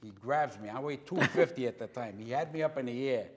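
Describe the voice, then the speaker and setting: A man's voice: mid-range voice, brisk. An older man, a comedian guest, telling an exaggerated story in a casual chat. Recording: long reverb.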